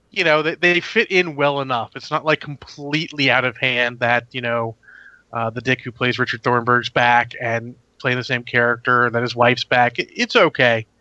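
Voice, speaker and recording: A man's voice: mid-range voice, sharp tone, no echo, highs cut off. A man hosting a casual movie review chat, talking in a rambling, opinionated way. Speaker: movie review podcast host.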